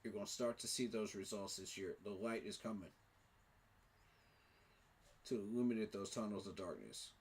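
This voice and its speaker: A man's voice: lowish voice, moderate pace, pauses often, breathy edge. A man giving an emotional, preacher-like fan monologue, repeating his phrases for emphasis. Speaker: sports fan commentator.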